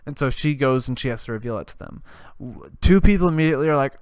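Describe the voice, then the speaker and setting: Podcast guy rambling and cussing, smooth clear voice, dry close mic. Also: mid-range voice, lively intonation, quick pace, no echo. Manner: rambling, swears, laughs often. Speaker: podcast host. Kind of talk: casual rambling recap.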